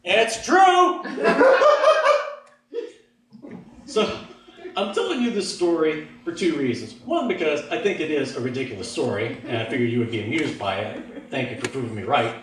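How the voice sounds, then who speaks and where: A man doing stand-up, telling a story about himself and acting out the voices in his head with big jumps in his pitch. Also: big pitch swings, normal speed, long pauses. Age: adult, looking back on his teens. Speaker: stand-up comedian. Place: stage in a hall with an audience. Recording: echoey hall, mic from far off.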